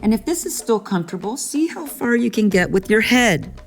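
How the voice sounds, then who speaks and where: A woman's voice: medium pitch, sing-song, moderate pace, gravelly, soft background music. A middle-aged woman leading a children's stretching lesson. She talks in an encouraging, playful way and praises often. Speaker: children's music and movement teacher. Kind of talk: guided stretching instruction for kids.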